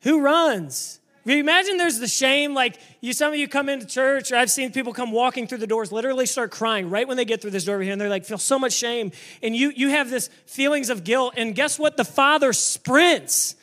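High-voiced man preaching with fervor. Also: fairly quick, few pauses. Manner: energetic, emphatic preaching that rises to yelling. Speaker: pastor. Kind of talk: sermon. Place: church before a congregation.

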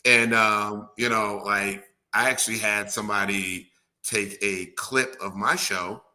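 A man's voice: lowish voice, fairly even intonation, measured pace, sharp tone. A man hosting a casual podcast chat, laid-back and laughing easily, with casual swearing. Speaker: podcast host.

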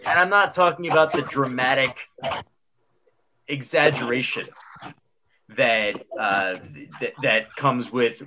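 A man's voice: mid-range voice, lively intonation, measured pace, sharp tone, dull audio, slight background noise. A man co-hosting a podcast, ranting emphatically about something that annoys him. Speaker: co-host. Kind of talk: casual podcast chat.

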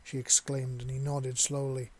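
A man reads a science fiction story aloud in a steady, plain way. His voice is mid-pitched for a man, neither high nor low. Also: moderate pace. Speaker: narrator. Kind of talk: storybook reading.

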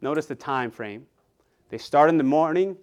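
Male pastor, lively sermon delivery, smooth resonant voice, slightly high. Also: normal speed. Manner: animated preaching with frequent repetitions and asides to the congregation.

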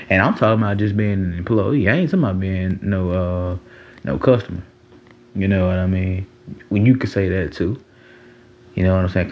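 Heard on a muffled recording with slight background noise, a twenties-aged podcast host speaks in a lowish voice with vocal fry. He rambles loosely in a casual monologue, heavy on slang and "you know what I'm saying."

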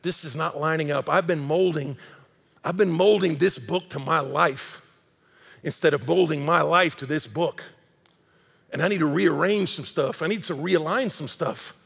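A man preaching a sermon, impassioned, swinging between loud emphasis and hushed intensity. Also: on the high side, normal speed, creaky, breathy edge. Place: large church sanctuary. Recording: long hall reverb.

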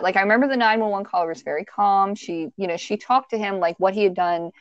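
A woman's voice: medium pitch, quick pace, no echo, lo-fi sound. A woman hosting a podcast, telling a true-crime story in a casual, conversational way with frequent restarts and fillers. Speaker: podcast host.

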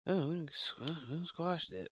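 A man's voice: a little high, moderate pace, breathy edge, no room sound. A man co-hosting a casual podcast, talking in a laid-back, slangy way and asking the questions. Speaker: podcast co-host. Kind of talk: casual chat. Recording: slightly muffled lo-fi mic, dry.

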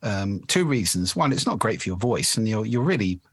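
Husky-voiced man explaining speech habits. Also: on the low side, sing-song, dry recording. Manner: articulate, measured, demonstrates voices as he explains. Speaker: voice and speaking expert, guest. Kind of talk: conversational interview explanation.

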